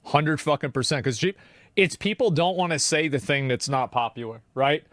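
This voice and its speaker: A man's voice: fairly high pitch, expressive, moderate pace, a bit bright, dry recording. A man streamer reacting to a video with incredulous, laughing comments. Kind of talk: casual live-stream commentary.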